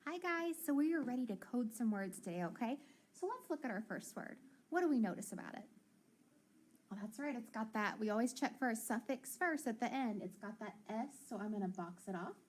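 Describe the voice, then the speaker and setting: A woman teaching a phonics lesson in an upbeat, encouraging way, sounding out letters slowly. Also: fairly high pitch, expressive, slight background noise.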